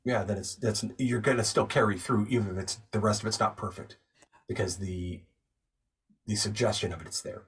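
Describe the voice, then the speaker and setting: A man who works as a voice actor and narrator, a guest on the show, calmly and thoughtfully explaining his craft step by step in casual conversation. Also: lowish voice, fairly quick, slightly rough, distant mic. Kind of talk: casual interview chat.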